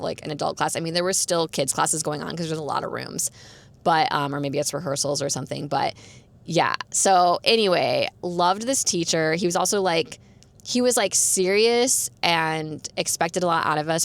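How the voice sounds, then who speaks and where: Chatty young woman with vocal fry. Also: low-pitched. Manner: chatty, peppered with "like". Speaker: podcast host. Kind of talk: casual solo chat.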